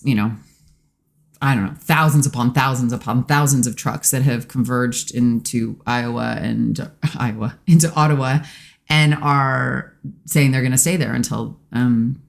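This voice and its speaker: Woman guest, low voice, earnest reflective delivery. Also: vocal fry. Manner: earnest, reflective, quotes people in lively bursts. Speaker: podcast guest, host's wife. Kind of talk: casual conversation.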